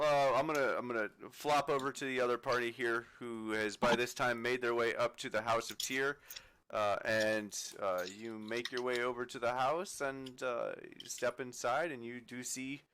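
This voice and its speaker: A man narrating as dungeon master, relaxed and hesitant with many fillers. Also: mid-range voice, slight background noise. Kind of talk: narrating a tabletop game.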